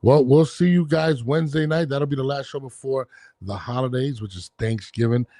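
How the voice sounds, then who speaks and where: A man hosting a podcast chats in an easygoing way, relaxed and conversational. His pitch sits in a middle range. The recording is dry and close to the mic. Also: normal speed, no echo. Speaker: podcast host. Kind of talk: casual podcast chat.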